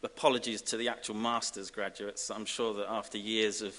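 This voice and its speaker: A man from giving a self-deprecating, comic acceptance speech as an honorary graduate, halting over fillers. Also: lowish voice, flat delivery, fairly bright tone. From Essex, England. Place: large ceremony hall. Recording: reverberant hall with faint hiss.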